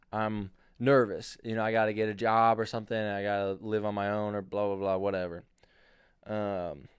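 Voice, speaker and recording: A man's voice: medium pitch, smooth, no room sound, clean studio sound. A young man hosting a podcast alone, rambling in a crude, jokey way. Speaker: podcast host. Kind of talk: casual solo monologue.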